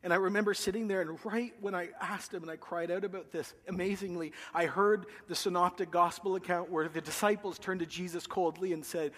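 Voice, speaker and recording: A man's voice: high-pitched, fairly even intonation, moderate pace, fairly bright tone, big-room sound. A man, a pastor, earnestly telling a personal story in a sermon, his voice rising when he quotes himself. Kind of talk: sermon testimony.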